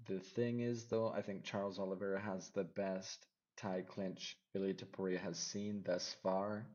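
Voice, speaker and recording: Low-voiced man rambling through fight picks. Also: muffled recording. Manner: rambling, second-guesses himself out loud. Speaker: MMA fight picks vlogger. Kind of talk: casual fight predictions.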